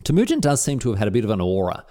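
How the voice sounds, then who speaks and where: Aussie male podcast host, animated storyteller, lowish voice with lively swings. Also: very fast. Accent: Australian. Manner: animated, irreverent, slangy. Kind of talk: casual history storytelling.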